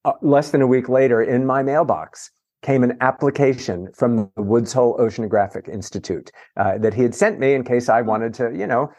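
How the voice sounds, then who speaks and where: A middle-aged man, a journalist and author, telling lively, self-mocking stories in a casual interview. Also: medium pitch, brisk. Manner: animated, self-mocking anecdotes with playful voices. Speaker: entertainment journalist and author, guest.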